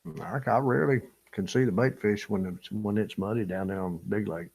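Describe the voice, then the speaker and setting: Older guy from louisiana, kinda husky, lowish voice, chatting away to chat on a fishing stream. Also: moderate pace, a little mellow, low-quality recording. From Louisiana, USA. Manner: chatty, laughs often, talks to chat viewers. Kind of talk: casual live-stream chat. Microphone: small camera-top microphone.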